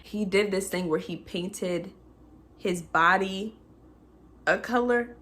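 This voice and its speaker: A woman's voice: mid-range voice, slow, a bit bright. A woman recapping a film in a casual rant, emotional and chatty, laughing between many fillers. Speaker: movie reviewer.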